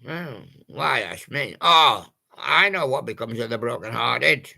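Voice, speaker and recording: A man's voice: mid-range voice, lively intonation, measured pace, vocal fry, sharp tone. A male host making playful, punning patter about old song titles and chuckling at his own jokes.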